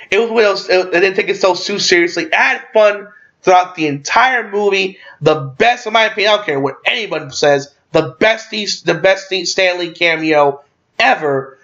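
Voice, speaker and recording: A man's voice: high voice, a bit bright. A man giving a casual movie review, rambling and swearing, with lots of fillers and restarts. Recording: dull lo-fi recording.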